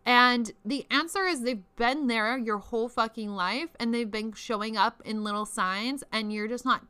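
A woman's voice: fairly high pitch, moderate pace, bright, forceful tone, clear, resonant tone, no room sound. A young woman teaching spiritual practice in a chatty, casual way, swearing freely and laughing often.

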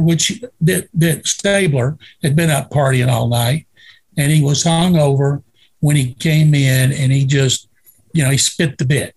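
An older man spins lively stories as an interview guest. His voice sits a touch high and is gravelly, with a husky edge. He acts out the dialogue in his anecdotes. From Waco, Texas. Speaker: guest, retired sportswriter. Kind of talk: storytelling in a casual interview.

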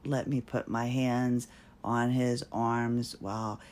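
A woman hosting a podcast, talking through her own story in a slow, halting way and searching for her words. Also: very deep voice, level tone, darkish tone. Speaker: podcast host. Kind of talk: personal monologue.

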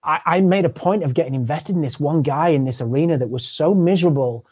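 A man with a somewhat high voice tells a story about his work as a touring drummer. He speaks in a loose, conversational way and mimics the people he quotes as he goes. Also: fast. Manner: animated, acts out the people he quotes. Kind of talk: casual storytelling in an interview.

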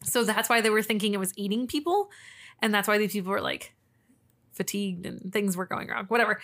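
A woman's voice: medium pitch, a bit bright. Woman, podcast co-host, casual storyteller, mid-range voice, giggly and loose. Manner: chatty, laughs often, trails off and restarts. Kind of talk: casual chat, telling cryptid stories.

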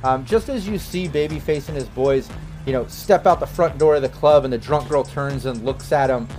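A man's voice: medium pitch, moderate pace, darkish tone, faint music behind. A man acting as game master, narrating scenes in a loose way with many fillers. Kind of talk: narrating a tabletop role-playing game.

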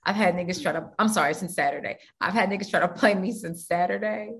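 A woman co-host with a lowish, gravelly voice talks in loose, slangy podcast chat. She is blunt and swears freely. She sounds like she is recorded from home for a remote show. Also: fast talker. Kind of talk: casual chat.

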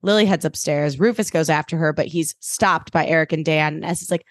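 A woman co-hosting a podcast, retelling a TV episode in a casual, animated way and slipping into quoted voices. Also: sits low, fairly quick, no room sound, clean studio sound. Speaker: podcast co-host. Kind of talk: casual TV recap chat.

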